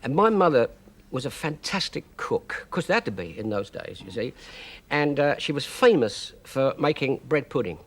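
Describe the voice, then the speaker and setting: A man's voice: mid-range voice, expressive, moderate pace. A man telling a childhood story on a chat show, chatty and full of little fillers. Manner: chatty, lots of "you see", hesitant fillers. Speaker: guest storyteller.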